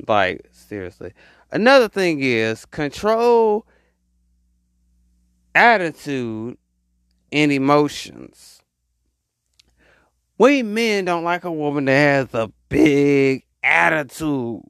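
Male advice vlogger, lively and repetitive, mocking tone, slightly high voice, dry close sound. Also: takes it slowly, smooth, dry recording. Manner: animated, repetitive, rambling, mocking. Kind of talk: casual advice monologue.

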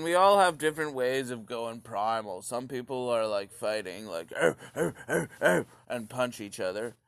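A man talks to the camera in a slow, rambling, crude comic monologue, drifting off into caveman grunts. His voice sits in an ordinary middle register. The sound is close and dry, with no room around it. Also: medium pitch, smooth, no room sound.

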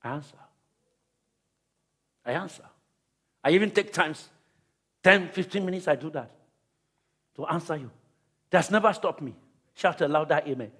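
A man preaching as pastor at a church service, calling out to the congregation with repeated phrases, then shouting prayers. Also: a little high, normal speed, long pauses, slightly rough. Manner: repetitive, calls out to the congregation. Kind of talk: sermon and prayer.

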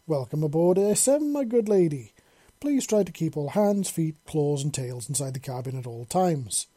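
A man reading the lines of a playful, devoted young man in armor who teases gently and speaks tenderly to his partner. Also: on the high side, lively intonation, moderate pace, no room sound. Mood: mock pilot. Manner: playful, teasing, then gentle.

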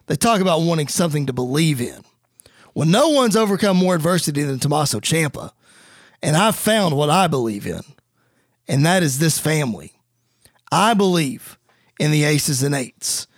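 A man's voice: a little high, big pitch swings, normal speed, no echo, studio quality, voice pushed down. A man voicing a cold male wrestling champion who speaks in threatening tones. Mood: defiant.

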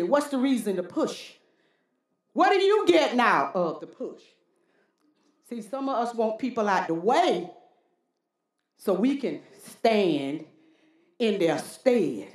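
A woman's voice: a little high, very animated, slow, pauses often, reverberant. A woman pastor preaching a sermon, calling out to the congregation with repeated "Huh?" and folksy talk. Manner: call-and-response preaching with frequent "Huh?".

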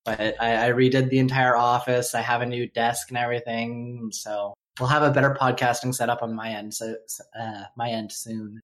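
A man's voice: medium pitch, little pitch movement, fairly bright tone. A man from Canada co-hosting a podcast in casual chat, often stumbling and restarting his sentences. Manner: halting, stammering restarts. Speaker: podcast co-host.

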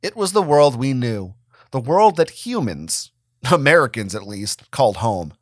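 A man's voice: mid-range voice, unhurried, dry recording, studio quality. A man giving a dramatic first-person reading of a story. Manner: expressive, dramatic. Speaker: reader.

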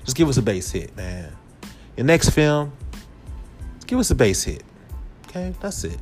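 A man hosts a podcast at a normal speed with soft music playing behind him. His rant is casual and comedic, his voice animated and swinging in pitch and volume, with occasional drops into a low put-on voice.

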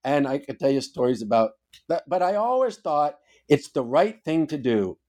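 A man's voice: a little high, sing-song, moderate pace, darkish tone. An older man, a former officer, tells stories in a podcast interview, emphatic and swearing freely. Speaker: podcast guest, former Coast Guard officer. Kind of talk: casual storytelling interview.

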